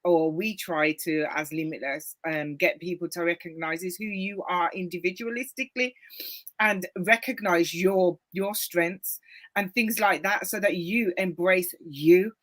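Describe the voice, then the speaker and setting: Lower-voiced woman, measured. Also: fairly bright tone. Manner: reflective, measured, with fillers. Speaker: podcast co-host and pastor. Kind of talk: casual interview chat, storytelling.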